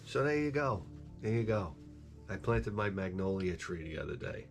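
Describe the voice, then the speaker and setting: A man's voice: lowish voice, big pitch swings, measured pace, music in the background. A middle-aged man chatting casually while streaming a game, rambling and profane, with wisecracks. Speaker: gameplay streamer. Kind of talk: casual chat while gaming.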